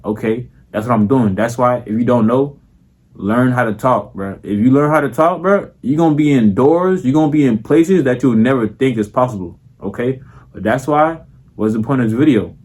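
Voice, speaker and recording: A young man with a Florida accent talks to the camera as a content creator, his mid-range voice a little mellow. He's casual and profane, packing in slang and filler tags and repeating "you feel me."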